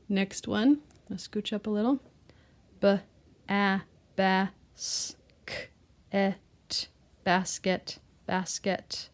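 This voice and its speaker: A woman's voice: fairly low pitch, vocal fry, a little mellow. A young American woman teaching a phonics lesson to young children, patiently sounding out each word. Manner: slow, patient, sounds out words.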